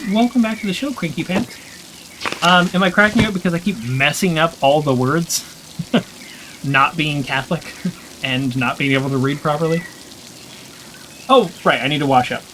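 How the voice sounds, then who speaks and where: A man's voice: on the high side, lively intonation, normal speed, long pauses, noisy background. A man giving casual, self-mocking commentary while playing a story game, stumbling over hard words, his voice a little strained. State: slightly strained voice. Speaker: let's play streamer.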